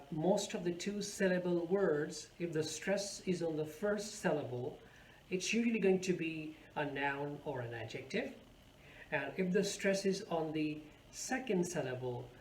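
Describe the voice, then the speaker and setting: A man gives a pronunciation lesson in a slightly higher voice, saying each word slowly and stressing it with care. He sounds like he is in an echoey room with a faint hum behind him. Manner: explains slowly, repeats words with careful stress. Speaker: English teacher.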